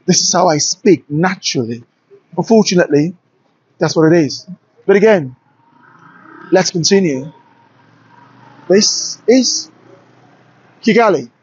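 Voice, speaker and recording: A man's voice: sits high, animated, measured pace, pauses often, a little mellow, slightly rough. A man with a British-influenced Nigerian accent, giving an enthusiastic, opinionated walking vlog to camera outdoors on city streets, recorded handheld on a smartphone. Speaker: travel vlogger. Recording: lo-fi smartphone audio.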